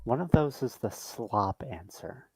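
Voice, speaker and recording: A man's voice: medium pitch, expressive, unhurried, slightly rough, dry recording, faint music behind. A man chatting casually during a game stream, dropping in dry jokes. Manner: dry, joking interjections. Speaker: friend watching the stream. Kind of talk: casual chat.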